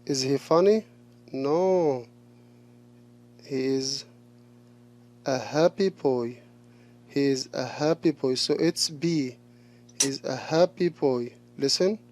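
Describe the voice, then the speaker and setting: A male English teacher talking through a lesson, slowly repeating each answer and praising the replies. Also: medium pitch, darkish tone, slight background noise. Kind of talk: recorded classroom lesson.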